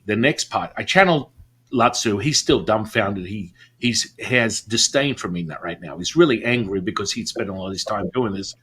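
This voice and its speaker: A man being interviewed, telling a story in an animated way and acting out the voices of people he quotes. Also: on the low side. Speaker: podcast guest.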